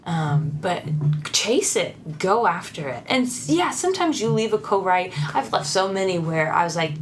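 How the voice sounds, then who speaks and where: Casting: lower-voiced woman songwriter, relaxed interview chat, earnest, quick to laugh. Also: noisy background. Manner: laughs often, warm and candid, with frequent restarts; earnest and encouraging. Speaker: songwriter guest.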